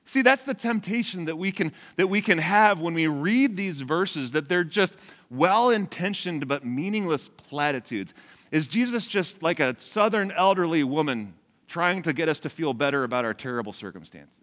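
A male pastor, around his forties, preaches at a moderate pace with animated, expressive rises and falls in pitch. He keeps the sermon conversational, repeatedly questioning the crowd, while the big church hall gives his voice a long reverb.

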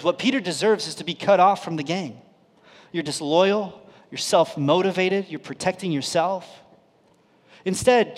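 A male pastor preaching a sermon in an earnest, conversational way, his loudness rising and falling sharply. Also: sits high. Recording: long reverb of a large hall.

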